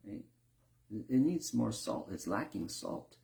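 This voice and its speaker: A man speaks in a relaxed, reflective monologue, thinking out loud with fillers and restarts. His voice sits low and carries a gravelly fry. The tone is mellow and dark rather than bright. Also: unhurried. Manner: acts out quoted cooks in higher voices, many fillers and restarts. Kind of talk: casual monologue.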